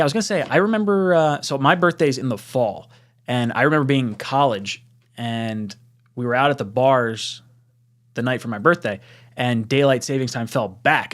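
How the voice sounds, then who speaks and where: A young man hosting a casual live stream. He reads out viewer comments and laughs often, and his voice jumps up when he gets excited. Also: mid-range voice.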